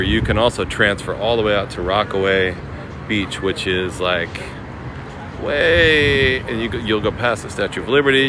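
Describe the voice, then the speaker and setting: Chatty man live-streaming outdoors. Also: on the low side. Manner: chatty, greets viewers by name. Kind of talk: casual live-stream walking tour. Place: outdoors on a city waterfront promenade. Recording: outdoor city noise with traffic.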